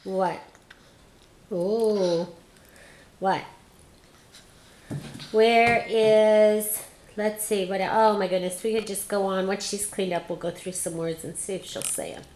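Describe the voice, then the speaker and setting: A woman's voice: mid-range voice, fairly even intonation, slow pace, long pauses, a little mellow, slight background noise. A woman filming at home, coaxing a toddler in a sing-song baby-talk voice to say words. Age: adult. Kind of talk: home video, talking to a toddler. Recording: echoey home room.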